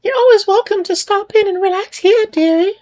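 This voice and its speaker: A man voicing sweet female video game villagers in an exaggerated high falsetto. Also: fairly quick, a little mellow.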